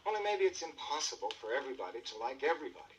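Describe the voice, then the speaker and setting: A man's voice: medium pitch, very animated, racing, a bit bright, recorded from a distance, a little hiss or hum, pitched above the performer's own voice, poor audio. A man voicing an earnest, sensitive young boy on a storybook record, in a boyish, plaintive voice. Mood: hurt.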